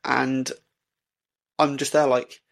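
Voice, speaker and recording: A man, a podcast co-host, telling a story in casual chat, halting with many fillers and restarts. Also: mid-range voice, flat delivery, gravelly. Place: indoor recording for podcast.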